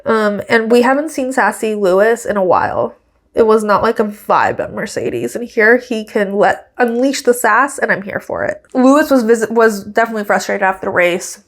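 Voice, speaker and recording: A woman's voice: medium pitch, expressive, normal speed. A woman hosting a podcast, talking in a casual, chatty, gossipy way. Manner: chatty and gossipy, many fillers, laughs at her own stories. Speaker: podcast host. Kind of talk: casual chat recapping a race.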